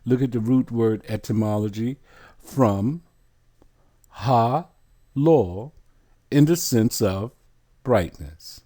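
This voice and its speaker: Male bible teacher, unhurried and deliberate, dark mellow tone, reads definitions aloud. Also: mid-range voice. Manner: addresses listeners as brothers and sisters. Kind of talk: slow scripture study teaching.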